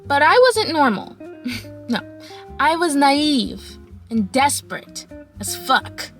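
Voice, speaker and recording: A young woman tells a storytime vlog in a high, lively voice. She laughs often and acts out quotes in squeaky put-on voices. Faint music plays behind her. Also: slow. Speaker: vlogger.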